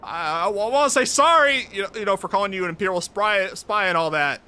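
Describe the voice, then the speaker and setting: A man voicing a small, excitable male airship engineer from a game, stammering and eager. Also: high-pitched, fairly quick, clear, resonant tone, voice pushed up. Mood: sheepish.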